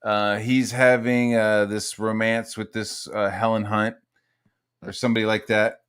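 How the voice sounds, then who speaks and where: A man's voice: on the low side, unhurried, smooth. Profane, rambling man hosting casual chat. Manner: profane, rambling, animated storytelling. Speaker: podcast host.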